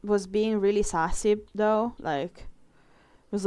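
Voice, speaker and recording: A woman's voice: medium pitch, measured pace, a little mellow, clean tone, no room sound. A young woman chatting casually while she draws on a live art stream, rambling from story to story, swearing lightly and laughing often. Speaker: artist streaming a drawing session. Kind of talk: casual chat while drawing.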